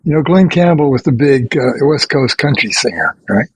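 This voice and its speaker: An older man, a veteran session bassist, telling rambling anecdotes in a podcast interview and chuckling between stories. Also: animated, moderate pace, breathy edge, dry recording, poor audio. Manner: rambling anecdotes with restarts and quoted dialogue.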